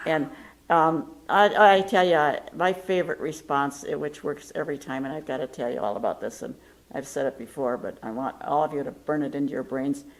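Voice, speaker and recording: Low gravelly woman hosting a talk show. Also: brisk, poor audio. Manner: emphatic, animated storytelling with quoted lines. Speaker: host. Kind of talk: casual talk-show chat.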